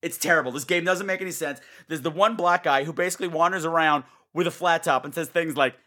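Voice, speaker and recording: A man's voice: fairly high pitch, fast talker, bright, forceful tone. A man hosting a podcast, ranting sarcastically about a bad movie, swearing and squealing as he acts out scenes. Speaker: podcast host. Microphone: home mic turned up high.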